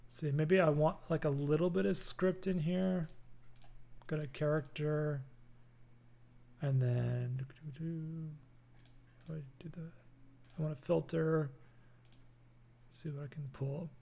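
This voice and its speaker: A man's voice: fairly high pitch, fairly even intonation, slow, gravelly, pauses often, mellow. A young man hosting a casual live-streamed design tutorial from his apartment, talking loosely with many fillers and reading chat messages aloud. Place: home apartment.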